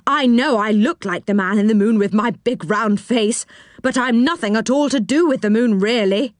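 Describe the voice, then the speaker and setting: A cheerful round-faced magic fellow chats eagerly and politely, as a woman puts him on. His voice sits higher than the narration, and the recording is dry and close. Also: moderate pace, no room sound, natural voice. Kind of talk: storybook reading.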